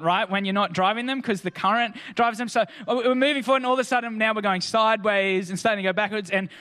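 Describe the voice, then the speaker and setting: Addressing a crowd, a man tells a personal anecdote in a chatty style, packed with "like" and "kinda" and acted-out quotes. His voice sits high, with a bright, forceful tone.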